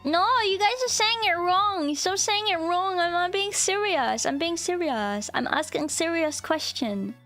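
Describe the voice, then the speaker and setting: Giggly girl streamer, high voice, slow and rambly, faint music behind. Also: expressive, a bit bright. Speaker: streamer, VTuber. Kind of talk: casual live-stream chat.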